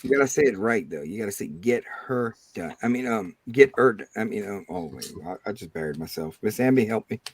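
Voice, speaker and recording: Talking fast with few pauses, this Cajun-accented livestream host has a lowish, animated voice, with a little hiss or hum in the audio. His casual chat rambles along with plenty of crude jokes.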